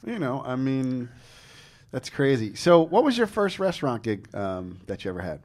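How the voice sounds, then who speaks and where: A male podcast host with a mid-range voice who keeps things relaxed and chatty. He fills his speech with "like" as he reacts to his guest and asks questions. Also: mid-range voice, normal speed. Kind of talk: casual interview chat.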